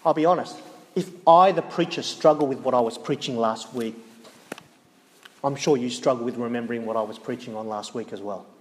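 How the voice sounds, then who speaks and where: A man's voice: medium pitch, fairly quick. A man preaching a sermon in an earnest, emphatic way, pressing points home with repeated phrases. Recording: long reverb of a large hall.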